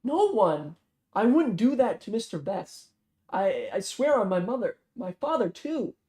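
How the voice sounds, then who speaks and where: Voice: mid-range voice, lively intonation, unhurried, darkish tone, pitched above the performer's own voice, lightly acted. A reader voicing a frightened young man who pleads and stammers for his life in a thriller novel read aloud. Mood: pleading. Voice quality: strained, stammering.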